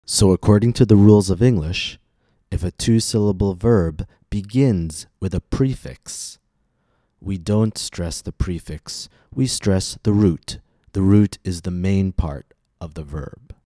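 A male pronunciation teacher with a deep, mellow voice talks slowly and deliberately. He leans hard on stressed syllables in his example words. The recording is dry and close. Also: dry recording. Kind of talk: scripted pronunciation lesson.

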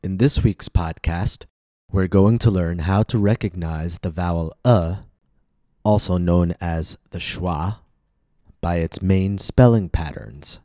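A man with an American accent hosting a pronunciation podcast, reading a scripted lesson slowly and with careful enunciation. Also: low voice, dark tone, no room sound, studio quality. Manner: slow, carefully enunciated teaching delivery.

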